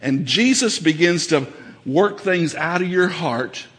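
A man with a high, ringing voice preaches a fervent, folksy sermon that swells into shouts. His voice carries a long reverb off the walls of a large church hall. He talks plainly and colloquially to his congregation. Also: lively intonation, a little slow. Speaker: pastor. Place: church sanctuary.

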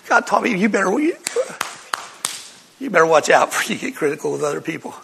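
An older man preaching a sermon, telling folksy stories with sudden loud outbursts. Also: fairly high pitch, very animated, fast talker, vocal fry, slight background noise. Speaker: pastor. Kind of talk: sermon storytelling. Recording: long hall reverb.

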